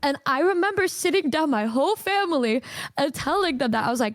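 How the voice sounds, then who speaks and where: A woman's voice: high voice, expressive, a little fast, no room sound, clean studio sound. A young woman chatting casually, blunt and matter-of-fact, swearing freely. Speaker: streamer. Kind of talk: casual chat.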